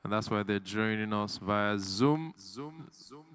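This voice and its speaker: A man's voice: lowish voice, measured pace, fairly bright tone. A man, emceeing a live industry event in a playful, teasing way. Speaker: event master of ceremonies.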